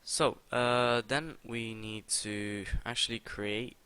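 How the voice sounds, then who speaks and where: Walking through a screen-recorded coding tutorial, a young man speaks slowly in a medium-pitched, sharp voice with fairly even intonation. The recording is clean, with no echo, and his casual, hesitant narration is packed with "uh" and "um."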